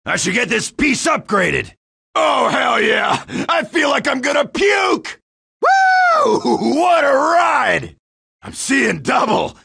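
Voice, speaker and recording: An actor voicing a brash, loudmouthed American marine in a video game, shouting crude taunts with a gravelly, raspy voice and an American accent. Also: male voice, very high voice, wildly swooping pitch, slow pace, full character voice. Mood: gruff bravado.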